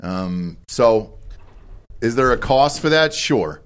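A man's voice: mid-range voice, expressive, slow, clean tone. Mid-voiced guy on a podcast, swears a lot, ranty jokes. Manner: profane, loud joking rants. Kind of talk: casual podcast banter.

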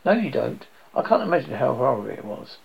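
A man voicing a frightened, tearful young woman who speaks haltingly, in a dull lo-fi recording. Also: mid-range voice, sing-song, creaky, husky, exaggerated voice. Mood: distraught. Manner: faltering, halting speech. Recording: dull lo-fi audio.

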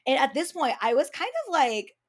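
A woman's voice: high-pitched, expressive, moderate pace. A young woman co-hosting a podcast, telling a work story in casual chat, acting out the quoted voices with lots of "like" fillers. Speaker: podcast co-host, speech therapist.

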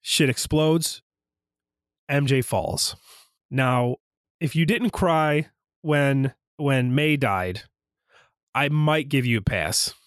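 A young man co-hosting a casual podcast, excitedly retelling movie scenes and jumping into high voices for quotes. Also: slow, long pauses, smooth, dry recording, clean studio sound. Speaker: podcast co-host.

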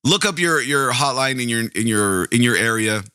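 Brief: a rambling male true-crime podcaster, sharp and forceful, in a dry close recording. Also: mid-range voice, animated, moderate pace, clear, resonant tone, dry recording. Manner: rambling, self-interrupting, swears casually. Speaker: podcast host.

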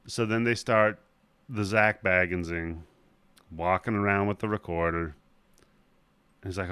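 A man's voice: deep voice, steady tone, measured pace, long pauses, pushed and bright, clean tone, no echo. A man hosting a casual movie podcast, retelling scenes with lots of swearing and acting out the characters' lines. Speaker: podcast host.

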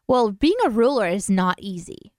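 A woman's voice: mid-range voice, animated, normal speed, darkish tone, no echo, studio quality. A woman co-hosting a live show in casual chat, talking in an enthusiastic, chatty way with plenty of fillers. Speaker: co-host.

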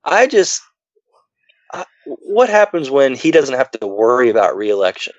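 A man's voice: medium pitch, very animated, unhurried, no echo, lo-fi sound. A man co-hosting a casual political chat, rambling with many fillers and restarts. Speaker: podcast co-host.

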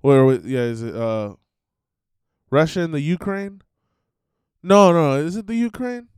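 A man's voice: a little high, expressive, unhurried, a little mellow, smooth, no room sound, clean studio sound. A man hosting his own podcast, rambling through a profane, self-interrupting rant and mimicking other people's voices. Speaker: podcast host. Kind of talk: casual ranting monologue.

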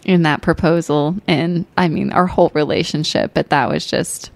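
Animated, emotional woman with a twang. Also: deep voice, normal speed, creaky. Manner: animated, emotional, laughs often. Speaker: podcast co-host. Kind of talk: casual storytelling chat.

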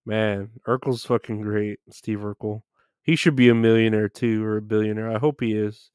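A man's voice: lowish voice, steady tone, normal speed, a little mellow, clean tone, no echo, clean studio sound. A man hosting a live stream, chatting casually and rambling with plenty of swearing as he reads the chat. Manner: rambling, profane, easygoing.

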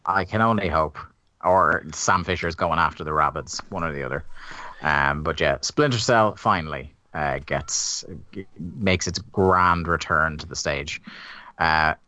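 A man's voice: a bass voice, unhurried, bright, forceful tone, dry recording. A man hosting a casual gaming podcast, calling on the others and giving dry predictions. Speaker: podcast host.

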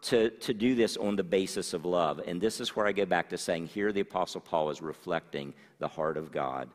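A man's voice: deep voice, moderate pace, in a large hall. A man preaching a sermon, reading scripture aloud and then explaining it to his congregation. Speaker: pastor.

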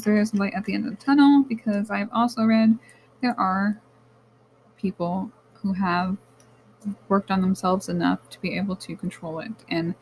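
A woman's voice: medium pitch, gravelly, slight background noise, low-quality recording. Candid young woman telling stories casually. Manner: candid, animated storytelling with frequent swearing. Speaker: podcast host. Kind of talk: casual personal monologue.

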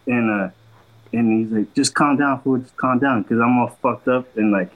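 Through narrow, tinny audio, a young man with a mid-range voice tells a long, easygoing story on a podcast at normal speed. He swears a lot, leans on slang, and does voices for the people he quotes.

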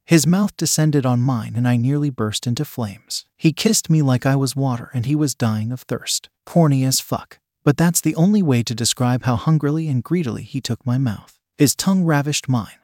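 A man narrating an erotic story in a steady, even reading manner. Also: mid-range voice, moderate pace, few pauses, no room sound, studio quality.

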